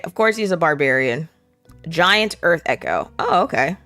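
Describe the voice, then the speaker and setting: Chatty, lively woman streamer. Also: deep voice, measured pace, pauses often, no room sound, faint music behind. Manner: chatty and self-deprecating, full of fillers and giggles. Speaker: streamer playing a narrative game. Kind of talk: casual game commentary.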